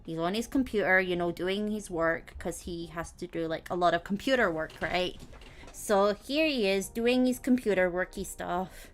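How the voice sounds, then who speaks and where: Speaking at a moderate pace in a lowish voice, a young woman VTuber streamer tells her viewers chatty stories about her cats. She laughs a lot and acts out the cats as she goes.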